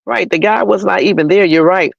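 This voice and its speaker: A man's voice: high-pitched, fairly quick, gravelly, no room sound, muffled recording. A man hosting a livestream, giving chatty, opinionated commentary on the news and talking straight to his viewers. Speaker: livestream host.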